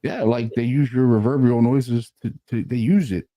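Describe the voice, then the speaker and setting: A man's voice: mid-range voice, steady tone, moderate pace, mellow. A man chatting casually as a paranormal investigator, laid-back, often tagging his sentences with "you know what I mean" and "man.". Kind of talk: casual chat.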